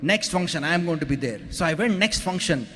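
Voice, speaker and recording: High-voiced man telling a story in a hall. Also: a little fast. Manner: animated, joking, acts out quotes, frequent "okay?" asides. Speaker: motivational speaker at a business conference. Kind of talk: storytelling speech to a live audience.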